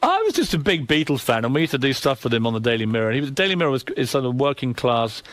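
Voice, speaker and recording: A man's voice: medium pitch, very animated, a bit bright. A man from Britain, a tabloid editor guest, telling cheeky, gossipy stories on a talk show. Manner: brisk storyteller, gossipy and cheeky.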